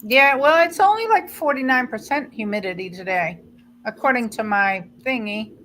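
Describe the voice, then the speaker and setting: A woman's voice: on the high side, animated, moderate pace, fairly bright tone, slight background noise, rough recording. A middle-aged woman, chatting casually on a live stream with her daughter and talking to viewers. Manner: chatty, a bit scattered, talks to viewers. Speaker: vlog host. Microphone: computer mic on a live stream.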